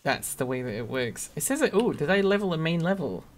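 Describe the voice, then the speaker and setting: Northern English streamer, mid-pitched, chatty and meandering, toned-down accent. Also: big pitch swings, fairly quick, a little hiss or hum. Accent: Northern English, Sheffield area. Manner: rambling, chatty, laughs mid-sentence; trims own accent toward neutral. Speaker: game streamer reading chat. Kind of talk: casual live-stream chat.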